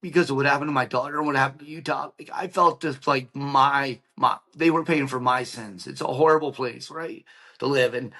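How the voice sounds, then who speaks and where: A middle-aged man of ordinary pitch, a podcast guest, spinning a personal story with lively energy. He keeps a casual, run-on flow full of "like" and "right?" and slips into the voices of the people in his tale. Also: a little fast. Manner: animated storyteller, acts out quoted dialogue, many "like" and "right?" fillers. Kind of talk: emotional personal storytelling in an interview.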